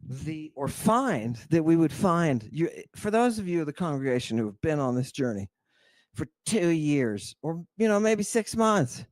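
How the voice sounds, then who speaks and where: Male livestream lecturer, high-pitched, unhurried, showman delivery, dry close sound. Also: sing-song, dry recording. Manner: theatrical, exclamatory, addresses listeners as a congregation. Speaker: lecturer on ancient texts.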